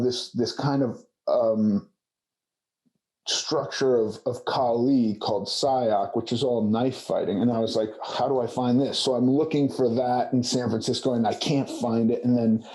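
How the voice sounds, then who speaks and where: A man's voice: medium pitch, mellow. A man in his forties from California, a guest telling a casual story with many restarts. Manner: rambling storytelling with frequent restarts and profanity. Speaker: podcast guest, actor. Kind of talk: casual conversation.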